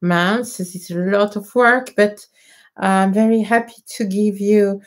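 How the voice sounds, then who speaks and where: A native French speaker talks in English with a clear French accent, hosting a casual livestream and answering viewers. She speaks slowly and haltingly, filling pauses with uh and um and restarting phrases, with a pitch in the middle range. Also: steady tone. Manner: hesitant, many fillers and restarts, nonnative phrasing. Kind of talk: casual live Q&A.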